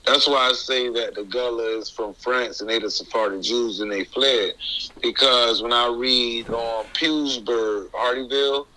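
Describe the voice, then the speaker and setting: A man in casual conversation as an interview guest. His voice is strikingly bright and edgy, and he talks at a middling pitch. He rambles, circling back and restarting his points with loose slang. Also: steady tone, measured pace, rough recording.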